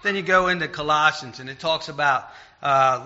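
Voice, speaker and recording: A man giving an informal sermon in a folksy, rambling, self-deprecating way, slowing down when he reads scripture. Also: mid-range voice, sharp tone. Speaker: lay preacher. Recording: dull lo-fi recording.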